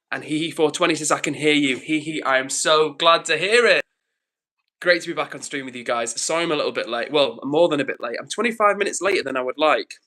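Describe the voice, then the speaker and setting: Young male streamer, upbeat and chatty, slightly breathless, bright voice. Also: fairly high pitch, rough recording. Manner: upbeat, greets viewers by name. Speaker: livestream host. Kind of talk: live stream chat, reading comments.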